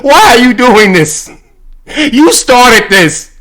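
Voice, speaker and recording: A man hosting reaction commentary, mocking and animated, with stammering repetitions. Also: very high-pitched, takes it slowly. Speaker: host.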